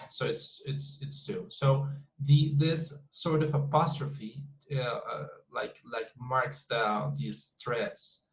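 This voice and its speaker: A man's voice: medium pitch, creaky, reverberant, low-quality recording. A male teacher, explaining syllables in an online class, often repeating words and restarting his sentences. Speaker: English teacher.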